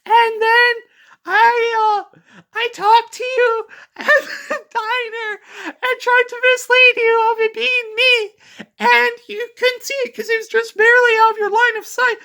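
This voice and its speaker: A reviewer voicing a sly, giggling female villain in a squeaky falsetto, gloating as she explains her scheme in a comic retelling of a film scene. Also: level tone, unhurried, pushed and bright, heavily acted.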